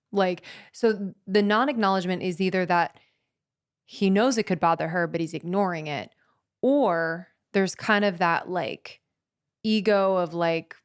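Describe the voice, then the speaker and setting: A woman's voice: on the low side, smooth. A young adult woman co-hosting a podcast, talking earnestly with lots of filler words. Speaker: podcast co-host. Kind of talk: casual chat.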